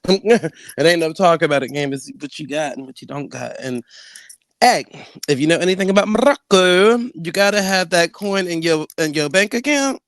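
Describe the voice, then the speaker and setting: A man chatting on a live online panel from home, brash and animated, laughing often and swearing freely. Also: fairly high pitch, moderate pace, no echo. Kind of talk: casual trash-talking chat.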